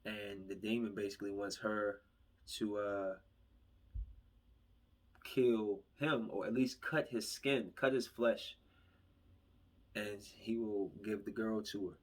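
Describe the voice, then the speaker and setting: A man reviewing a movie on his podcast, retelling the plot in a loose, rambling way and acting out the characters' lines. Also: on the low side.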